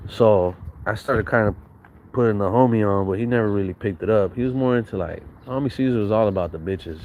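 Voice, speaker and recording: A man with a lowish voice tells a loose, rambling story. His talk is full of street slang and swearing, and he often restarts a thought midway. The delivery stays relaxed and conversational throughout. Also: a little fast, narrow, tinny audio, a little hiss or hum. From San Bernardino, Southern California. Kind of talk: casual storytelling.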